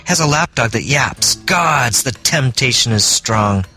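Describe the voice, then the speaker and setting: A man voicing an impulsive, boyish Victorian gentleman who talks in excitable outbursts in an audiobook reading. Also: mid-range voice, unhurried, soft background music. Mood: irritated.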